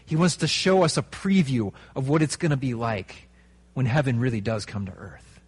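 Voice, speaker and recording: A man preaching a sermon in a conversational, animated way, with fillers and asides. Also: medium pitch, moderate pace, breathy edge. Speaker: pastor.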